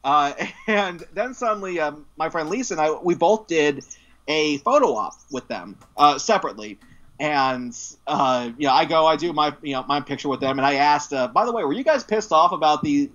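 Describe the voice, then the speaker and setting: A man from New York chats as co-host, with a bright, forceful voice that swings widely in pitch. He tells stories animatedly and laughs a lot. The sound is dull and lo-fi. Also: normal speed. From New York, USA. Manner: animated storyteller who laughs often. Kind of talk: casual chat.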